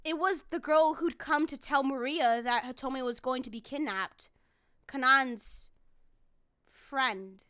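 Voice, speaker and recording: A woman's voice: high-pitched, a little slow, sharp tone, smooth. A woman streamer reading a visual novel aloud and reacting emotionally, with exclamations, over faint music. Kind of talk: let's play reading and reacting.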